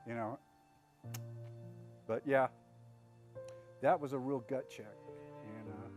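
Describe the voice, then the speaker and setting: Man, veteran, candid personal testimony, blunt and plain-spoken, mid-pitched voice. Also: steady tone, slow, long pauses, a little mellow, soft background music. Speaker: veteran telling his story.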